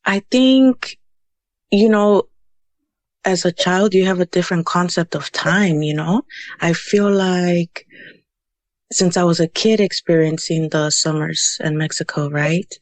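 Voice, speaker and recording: A woman's voice: fairly low pitch, measured pace, dry recording. Woman, thirties, from Houston, casual storyteller, chatty, Spanish words mixed in, dead-dry studio sound. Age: 30s. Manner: chatty, mixes in Spanish words, frequent "you know". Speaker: podcast guest.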